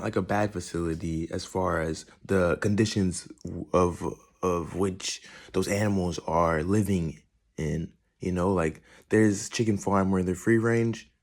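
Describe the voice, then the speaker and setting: A man's voice: on the low side, a little mellow. A young man rambling in a casual monologue to camera at home, swearing freely and restarting his sentences. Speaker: vlogger.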